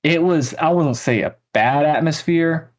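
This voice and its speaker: A man's voice: fairly high pitch, measured pace. A young man co-hosting a casual sports podcast, an exasperated, self-mocking fan ranting about his team. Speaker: podcast co-host, Panthers fan.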